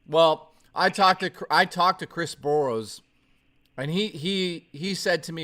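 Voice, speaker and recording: A man's voice: on the high side, measured pace, bright, forceful tone. A man hosting a casual live stream, rambling and thanking viewers, his voice strained and fading. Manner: rambling, thanks chat by name. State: losing his voice.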